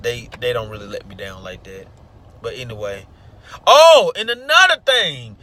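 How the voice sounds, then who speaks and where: A frustrated man vents in a story time vlog, his voice bright and forceful and sitting a little high. He swings from loud outbursts to low, grumbling mutters. He is recorded inside a car. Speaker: vlogger.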